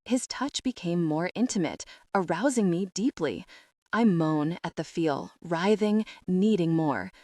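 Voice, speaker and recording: A woman reads a first-person romance audiobook in a soft, measured, intimate manner. Her voice is on the low side and very dry, as if recorded close in a dead booth. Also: lively intonation, no echo. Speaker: audiobook narrator.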